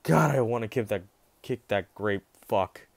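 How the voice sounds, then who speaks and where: A man's voice: fairly low pitch, lively intonation, measured pace, gravelly, dry recording. A man voicing a proper young mother who rarely swears, in a voice barely changed from his own.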